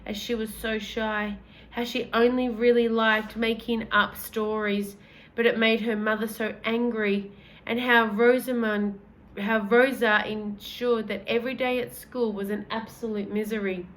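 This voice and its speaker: Lady reading a kids book out loud, casual, corrects herself, highish voice. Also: level tone, unhurried, low-quality recording. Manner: casual, corrects own slips aloud. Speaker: reader. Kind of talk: reading a children's book aloud.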